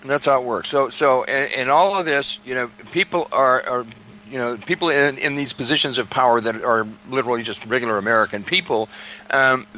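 A male host asking long interview questions, halting and restarting as he goes. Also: mid-range voice, pushed and bright, a little hiss or hum, rough recording.

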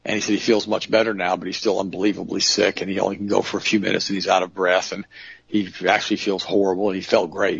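A man with a low, gravelly, husky voice tells stories in a casual, earnest monologue and often stumbles over restarts. The recording is dry and sounds dull and lo-fi. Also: no echo. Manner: earnest storytelling, repeating himself, restarts.

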